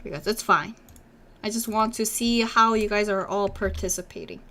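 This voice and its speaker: A woman's voice: medium pitch, normal speed, sharp tone. A young woman teaching a live online Korean class, repeating each sound over and over and cheering on viewers as she reads their comments. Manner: drills sounds by repeating them many times; encouraging, reads chat comments aloud. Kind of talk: live-streamed language lesson.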